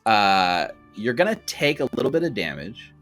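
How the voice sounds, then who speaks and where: A man's voice: fairly low pitch, very animated, moderate pace, fairly bright tone, faint music behind. A man narrating a tabletop game as game master, loose and full of fillers and restarts.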